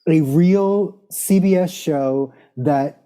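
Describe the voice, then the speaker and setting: A woman co-hosting a podcast, explaining things in a dry, measured casual way. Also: low-pitched, mellow. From United States. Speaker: podcast co-host. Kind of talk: casual chat.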